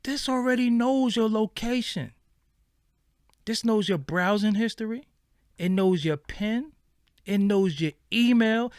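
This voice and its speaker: Profane, animated man ranting on stream. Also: high voice, takes it slowly, smooth, no echo, clean studio sound. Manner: animated, profane, streetwise slang. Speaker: livestream host. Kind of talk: casual livestream rant.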